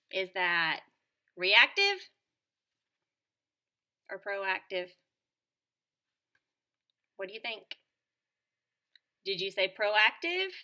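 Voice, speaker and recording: A woman teacher presenting a scripted lesson to children in a clear, upbeat and encouraging tone. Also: mid-range voice, very animated, takes it slowly, long pauses, bright, forceful tone. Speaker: teacher presenting a school morning show lesson.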